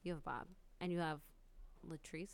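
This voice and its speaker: A woman's voice: low-pitched, steady tone, moderate pace, no echo. A woman in casual chat, enthusiastic and swearing freely. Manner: profane, enthusiastic.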